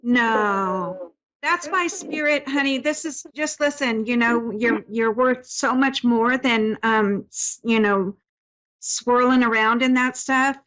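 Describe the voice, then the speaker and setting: A woman hosts a call-in psychic reading, soothing and reassuring her callers while using lots of fillers and restarting her sentences. Her voice is fairly high and a bit bright, and the recording quality is low.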